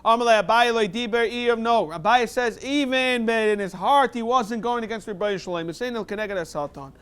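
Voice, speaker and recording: Man, very high voice, smooth and clear, talmud lesson, reads and explains. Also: fairly bright tone. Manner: quick mix of read Aramaic and plain English explanation. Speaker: rabbi teaching a Talmud review class. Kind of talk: talmud class review, reading and translating.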